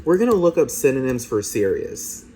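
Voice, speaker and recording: A man's voice: medium pitch, big pitch swings, moderate pace, warm tone. Man, ranting commentary, profane and mocking, faint background noise. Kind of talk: casual commentary over clips.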